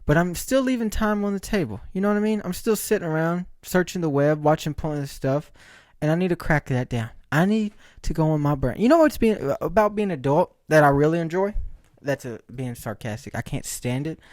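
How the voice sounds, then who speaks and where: A man's voice: on the high side, expressive, a little fast, darkish tone, no echo, clean studio sound. A man hosting his own podcast, telling stories in a rambling, joking way, laughing often and asking rhetorical questions. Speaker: podcast host. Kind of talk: casual solo storytelling.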